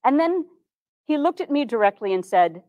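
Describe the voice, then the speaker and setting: A woman playing an earnest 1860s reformer, telling her story in a first-person historical monologue with formal, measured diction. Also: high voice, big pitch swings, mellow, no echo, muffled recording. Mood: recounting. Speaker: historical reenactor.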